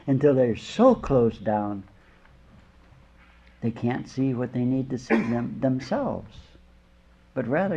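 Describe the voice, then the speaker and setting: An older man teaches as a spiritual leader, rambling through a homely sermon full of stories and chuckled asides. His voice is gravelly and a little husky. The lecture recording sounds dull and lo-fi. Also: mid-range voice, expressive, unhurried, warm tone. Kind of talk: informal sermon with storytelling.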